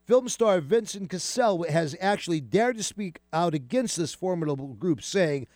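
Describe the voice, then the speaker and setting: Animated chatty male radio host. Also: sits high, moderate pace, no room sound, clean studio sound. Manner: chatty, animated, many fillers and restarts. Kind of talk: casual radio talk show.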